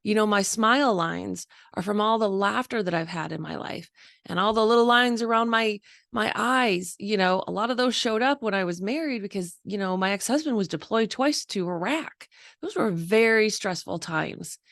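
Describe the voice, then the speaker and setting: A woman's voice: mid-range voice, normal speed, gravelly, a bit bright, no echo, clean studio sound. A woman around fifty hosting a candid personal monologue, chatty and open, often laughing and quoting her own thoughts, over a video call. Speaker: host.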